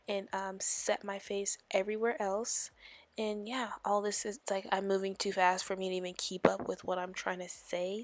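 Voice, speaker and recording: A young woman speaking a chatty makeup tutorial voiceover in a loud whisper, late at night at home, full of "like" fillers. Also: mid-range voice, fairly even intonation, moderate pace, no room sound. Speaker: beauty vlogger.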